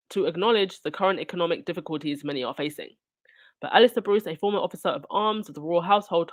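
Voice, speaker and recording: A woman reading news aloud and breaking off into sarcastic, indignant asides as a channel host. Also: lowish voice. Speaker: royal news commentator.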